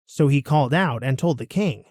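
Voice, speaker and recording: A man reading a Bible passage aloud in a steady, expressive way. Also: medium pitch, normal speed, dry recording, studio quality. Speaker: scripture reader.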